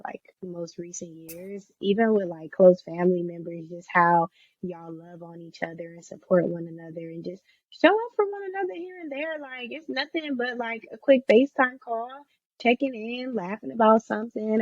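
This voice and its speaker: A woman's voice: fairly low pitch, a little mellow, dry recording. A woman co-hosting a podcast, reflecting casually in a rambling way. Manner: rambling, reflective, laughs easily. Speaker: podcast co-host. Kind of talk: casual chat. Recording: dull lo-fi sound.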